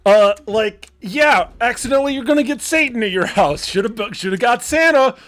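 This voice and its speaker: Excitable swearing man on a wired mic. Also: very high-pitched, a little fast. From Michigan. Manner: excitable, swears freely, laughs often. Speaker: co-host. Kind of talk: casual live show banter. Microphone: wired mic on a short cord.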